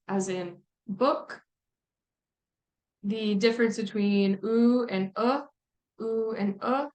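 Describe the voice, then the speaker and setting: A woman lecturing on vowel sounds in a relaxed, explanatory way, often pausing with "um". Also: mid-range voice. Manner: relaxed explaining with frequent ums. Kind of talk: phonetics lecture.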